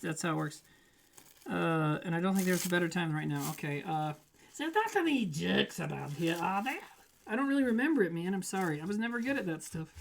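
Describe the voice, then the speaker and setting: Speaking in a high voice over slight background noise, a man bakes cookies in his home kitchen during a livestream. He rambles, cracks jokes, laughs, and reads viewer chat aloud.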